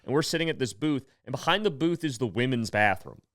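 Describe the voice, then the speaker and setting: A man in his late twenties telling stand-up stories in casual podcast chat, acting out quotes with lively energy. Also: mid-range voice, fast, dry recording, clean studio sound. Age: 20s. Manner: animated storytelling with acted-out quotes. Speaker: comedian and podcast co-host.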